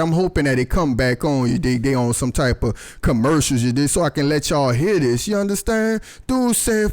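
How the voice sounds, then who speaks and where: A man reviewing a show in casual, animated commentary, swearing constantly. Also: on the high side, normal speed, hardly any pauses.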